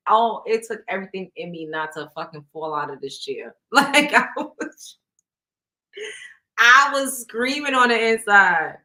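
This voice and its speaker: A woman's voice: mid-range voice, bright, forceful tone. A young woman hosting a casual live stream, reading comments aloud, laughing often and swearing playfully.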